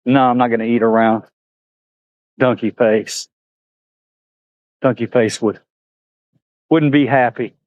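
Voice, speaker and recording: A man's voice: steady tone, slow, long pauses, no room sound, narrow, tinny audio. Chatty man vlogging outdoors. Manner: chatty, talks to animals in a high sing-song. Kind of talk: casual vlog, talking to animals. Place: outdoors at an animal park.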